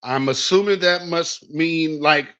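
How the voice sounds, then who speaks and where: A man's voice: on the high side, slow pace, fairly bright tone. A man hosting political commentary in a blunt, sarcastic, emphatic way, with a dull lo-fi recording. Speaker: news commentary host.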